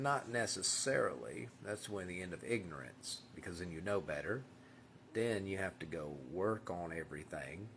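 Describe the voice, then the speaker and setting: A man's voice: low voice, fairly bright tone, slight background noise. A man giving an earnest, casual spiritual monologue as host, often dropping to a whisper for emphasis.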